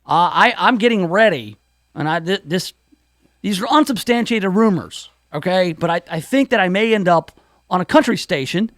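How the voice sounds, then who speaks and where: A man's voice: high voice, expressive, moderate pace, fairly bright tone, no room sound. A man hosting an afternoon radio show, joking around in studio banter and slipping into hammy country DJ voices. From Memphis area. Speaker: radio host. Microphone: studio mic.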